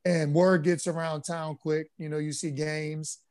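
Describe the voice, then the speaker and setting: A man being interviewed on a podcast as a former pro basketball player, telling stories in a relaxed way with plenty of fillers. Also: a little high, measured pace. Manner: relaxed storyteller, easygoing with frequent fillers.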